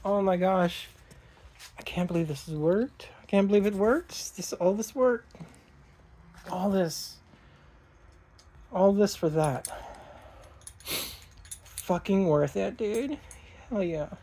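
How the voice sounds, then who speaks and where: A woman's voice: medium pitch, slow, pauses often, mellow, slight background noise. A woman working on her car in a garage, talking to herself and swearing in casual vlog narration. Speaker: car vlogger. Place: garage, indoors.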